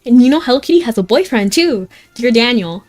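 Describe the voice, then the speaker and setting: A woman's voice: a little high, lively intonation, brisk, a little mellow. A young woman streaming a game, chatting casually and rambling to her chat with frequent giggles. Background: faint game music.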